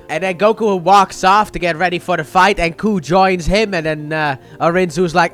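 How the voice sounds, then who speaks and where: Male recapper, high voice, mildly sick, loose and chatty, slips into playful character voices. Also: brisk, few pauses, a bit bright, faint music behind. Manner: chatty, rambling, acts out quotes in playful voices. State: a little sick. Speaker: anime reviewer. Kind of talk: casual episode recap.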